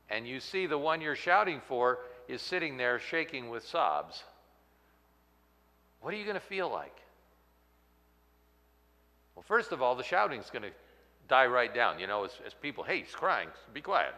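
A man preaching a sermon, swinging from loud outbursts to hushed, near-whispered lines. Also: medium pitch, in a large hall. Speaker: pastor.

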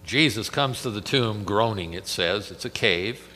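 A man preaching a sermon, emphatic, with dramatic pauses and rhetorical questions. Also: fairly low pitch, pushed and bright, long reverb tail.

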